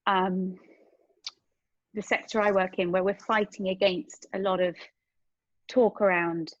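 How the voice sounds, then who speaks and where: A woman hosting a conversational interview, speaking in a halting, thoughtful way with frequent restarts. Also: mid-range voice, level tone, no echo, lo-fi sound. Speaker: podcast host.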